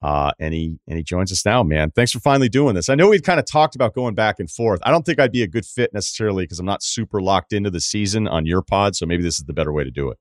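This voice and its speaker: A man's voice: low voice, lively intonation, fast talker, hardly any pauses, dry recording, studio quality. A man in his forties from Massachusetts hosting a podcast, chatting loosely with a guest, joking and swearing freely. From Martha's Vineyard, Massachusetts. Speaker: podcast host. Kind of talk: casual podcast chat.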